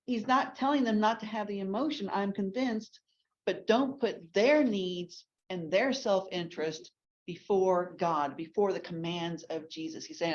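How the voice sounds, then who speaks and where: A woman's voice: medium pitch, moderate pace. A woman from Texas, teaching a ladies' Bible class in a chatty way full of restarts and asides. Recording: dull lo-fi recording.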